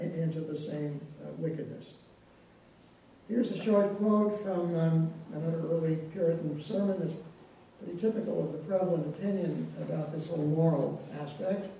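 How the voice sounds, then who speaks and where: A man's voice: on the high side, warm tone, distant mic, slight background noise. Man lecturing in an echoey church. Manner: measured, thoughtful delivery with frequent restarts. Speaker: historian lecturer. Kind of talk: public history lecture. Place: church hall.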